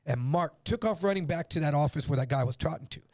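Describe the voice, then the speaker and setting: A man telling a story in casual chat, animated, acting out voices and swearing freely. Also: fairly high pitch, fast, no echo, studio quality. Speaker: guest.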